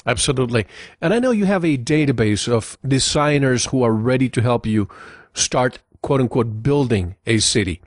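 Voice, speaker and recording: A man hosting an interview, polite and affirming, asking measured questions. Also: medium pitch, animated, dry recording, clean studio sound. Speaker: interview host.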